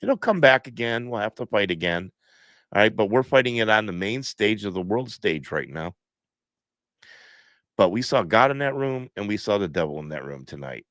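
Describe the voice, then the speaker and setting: A man's voice: on the low side, big pitch swings, normal speed, fairly bright tone, no echo. A man hosting a live stream from home, stuffed up, talking in a preachy, repetitive way and reading viewer comments aloud.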